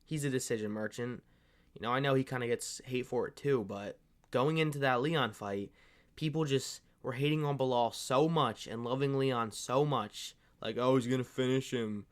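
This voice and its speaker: A man rants about fighters in a loose, casual way, swearing freely and getting worked up as he rambles. His voice sits at an ordinary middle pitch for a man. He keeps tossing "bro" and "man" at his audience. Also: moderate pace. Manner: profane, fired-up and rambling, calls viewers "bro". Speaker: MMA commentary channel host. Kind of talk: casual opinion rant.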